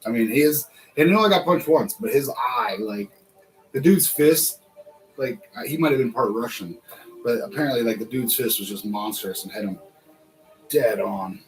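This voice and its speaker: A man's voice: mid-range voice, normal speed, faint music behind, poor audio. An American man hosting a casual livestream, talking in a rambling, chatty way and laughing often. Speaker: host.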